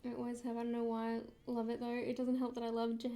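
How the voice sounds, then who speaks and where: Young woman, Australian accent, slightly high voice, casual rambling stream chat, answers chat aloud. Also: monotone, quick pace, few pauses, dark tone. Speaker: livestreamer. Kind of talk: casual live-stream chat while drawing.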